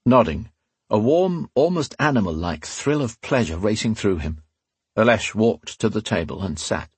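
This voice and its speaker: A man narrating a fantasy audiobook in a measured, dramatic reading style. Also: fairly low pitch, animated, husky, no room sound.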